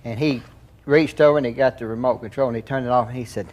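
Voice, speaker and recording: A man's voice: medium pitch, steady tone, fast talker, darkish tone, lo-fi sound. An older man in a documentary interview, plain-spoken with casual, loose grammar.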